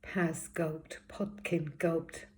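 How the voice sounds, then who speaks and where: A woman reads a children's novel aloud, narrating in a steady, expressive way. Her voice sits low and deep for a woman. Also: extremely slow. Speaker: storybook reader.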